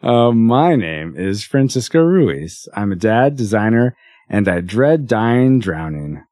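A man's voice: lowish voice, big pitch swings, slow pace, dark tone, no echo, clean studio sound. A man hosting a podcast, chatting casually and laughing often. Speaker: podcast host.

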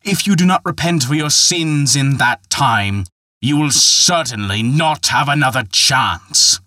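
A man's voice: mid-range voice, lively intonation, a little slow, sharp tone, dry recording, studio quality, voice pushed up. A man voicing an ancient, stern little forest spirit made of glass. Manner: stern, thundering.

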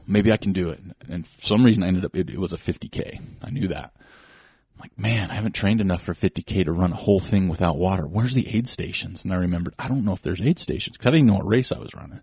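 Low husky-voiced middle-aged man. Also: dry recording, highs cut off. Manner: rambling, excitable, strings events together with "so". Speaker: podcast host. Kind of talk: casual storytelling monologue.

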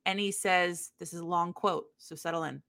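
Bright-voiced woman podcast host. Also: lowish voice, normal speed, vocal fry. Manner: animated storyteller, acts out quotes. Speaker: podcast co-host recapping a book. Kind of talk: casual chat.

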